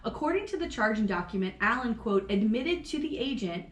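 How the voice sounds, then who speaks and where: A woman from Florida co-hosting a casual true-crime podcast, swearing freely and laughing through animated storytelling. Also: a little high, fairly quick, echoey room. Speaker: podcast co-host.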